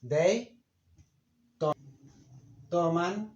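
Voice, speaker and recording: This Spanish teacher's voice sits high, and the recording has its highs cut off. He walks through a lesson casually and without hurry, his speech full of fillers and corrections as he thinks out loud.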